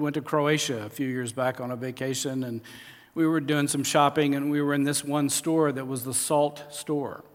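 A middle-aged man preaching a sermon as pastor, conversational, often restarting his phrases. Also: on the high side. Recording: long reverb of a large hall.

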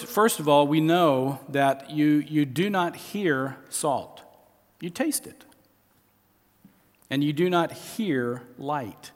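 A middle-aged man preaching a sermon as pastor, conversational, often restarting his phrases. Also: on the high side. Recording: long reverb of a large hall.

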